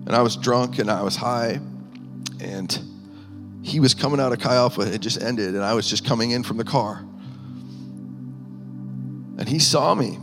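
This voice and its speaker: A man sharing a personal testimony in a sermon, earnest and halting, with small laughs between thoughts. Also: fairly low pitch. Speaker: minister. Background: music.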